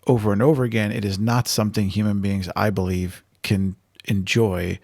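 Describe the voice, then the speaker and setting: A man's voice: lowish voice, steady tone, moderate pace, gravelly, a little mellow, dry recording, clean studio sound. A man hosting a podcast interview, enthusiastic and reflective, with a fondness for puns. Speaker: podcast host.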